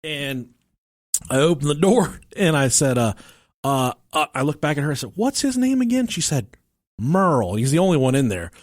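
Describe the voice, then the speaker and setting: A man's voice: mid-range voice, normal speed, no room sound, clean studio sound. A man co-hosting a podcast, telling a long, profane story in casual talk and acting out the people in it. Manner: animated, profane, acts out quotes with shouts and laughter. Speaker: podcast co-host.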